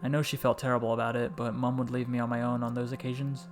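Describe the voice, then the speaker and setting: A man reading a story aloud in a calm, reflective way with dry, wry asides. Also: mid-range voice, fast. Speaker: story narrator. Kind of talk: scripted storytelling narration. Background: faint background music.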